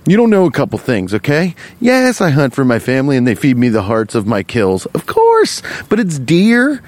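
A man hosting a comedy podcast, rambling through an improvised, profane, deadpan bit while walking along a street. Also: mid-range voice, moderate pace. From Cincinnati, US. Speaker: podcast host. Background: faint traffic.

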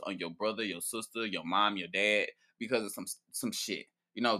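Man, priest answering viewer questions, loose profane chat, bright tone, playful, lots of laughs and restarts. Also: mid-range voice. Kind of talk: casual chat.

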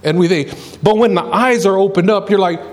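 A man preaching a sermon in an animated way, repeating phrases and acting out quoted voices. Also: high voice, fairly quick. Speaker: pastor.

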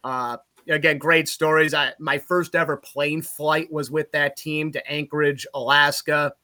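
Fairly high in pitch and measured in pace, he's a middle-aged play-by-play broadcaster hailing from Utica, New York, upstate. On a casual podcast he relates road stories with lots of energy, growing loud at each punchline.

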